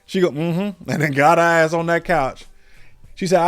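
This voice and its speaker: A man co-hosting a podcast, telling a comic story in casual, profane chat and jumping high when he quotes himself. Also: normal speed, soft background music. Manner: animated, profane, jumps to high pitch when quoting himself. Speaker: podcast co-host.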